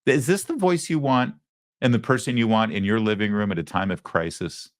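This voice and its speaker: Man doing a mocking impression, exaggerated, sing-song, slightly raised pitch. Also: a little fast, no room sound, studio quality, lightly acted. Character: mocking impression of a female politician.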